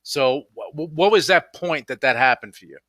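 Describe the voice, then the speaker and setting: A man's voice: fairly high pitch, moderate pace, bright, forceful tone, no echo. A man hosting a radio interview, talking in an enthusiastic, encouraging way and often repeating himself. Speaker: radio show host. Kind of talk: casual interview chat.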